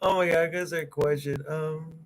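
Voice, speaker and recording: A man's voice: a little high, fairly even intonation, normal speed, noisy background. A man hosting a casual livestream, joking with viewers, laughing often and swearing, tired and yawning. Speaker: livestream host.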